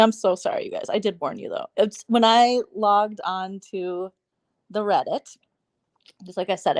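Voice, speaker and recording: A woman vlogger chatting casually on a late-night live stream from home on her phone, giggly and quick to react dramatically. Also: lowish voice, no echo, clean studio sound. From Southern California. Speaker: vlogger hosting a live chat. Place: at home, settled somewhere comfy.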